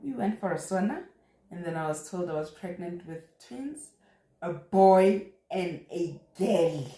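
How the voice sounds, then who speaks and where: A young South African woman telling a personal story in a lively, animated way, with frequent exclamations. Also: fairly low pitch, unhurried. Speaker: vlogger. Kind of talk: casual storytelling. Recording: echoey room.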